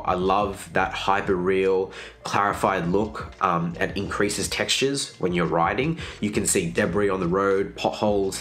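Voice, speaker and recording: A man with a nasal voice, getting over a virus, giving a candid, relaxed gear review in a casual vlog. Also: low voice.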